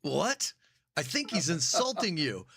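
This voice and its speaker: A man's voice: a little high, very animated, measured pace, gravelly, crowd noise. An American man co-hosting a podcast in casual chat, joking crudely and riffing. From United States. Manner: joking, crude, mocks accents and puts on voices. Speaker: podcast co-host.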